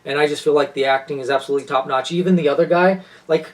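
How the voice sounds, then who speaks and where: A man's voice: on the high side, steady tone, rapid-fire, recorded from a distance. A man co-hosting a casual podcast chat, gushing with enthusiasm and rambling through restarts. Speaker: podcast co-host.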